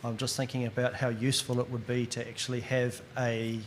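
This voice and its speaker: Audience man asking a question, monotone and halting, faint noise. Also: mid-range voice. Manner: halting, thoughtful, restarts. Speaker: audience member.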